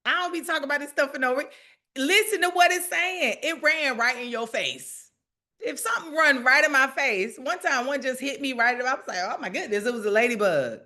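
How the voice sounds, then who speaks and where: A woman's voice: sits high, fairly quick, sharp tone. A woman hosting a casual spiritual livestream, chatting directly to her viewers and laughing often.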